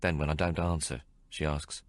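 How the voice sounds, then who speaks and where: Very deep-voiced male audiobook narrator. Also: level tone, moderate pace, no echo. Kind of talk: first-person audiobook narration.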